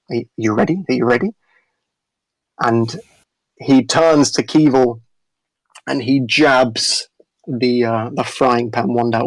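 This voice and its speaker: A man's voice: mid-range voice, gravelly, no echo, poor audio. A man narrating as game master in a tabletop game, stopping often and restarting his sentences. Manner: halting, many fillers and restarts.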